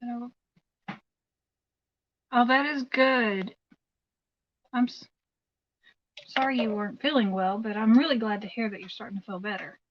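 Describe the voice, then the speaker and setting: A woman's voice: on the high side, fairly even intonation, measured pace, long pauses, dull audio. Chatty woman cooking on a phone livestream. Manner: chatty, rambling, answers viewer comments. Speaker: livestream host. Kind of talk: casual chat while cooking. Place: home kitchen.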